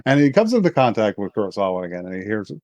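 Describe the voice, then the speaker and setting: A man's voice: on the low side, sing-song, racing, a little mellow, dry recording. A man co-hosting a podcast, casually retelling an episode and acting out the characters' lines, laughing often. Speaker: podcast co-host. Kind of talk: casual chat recapping an episode.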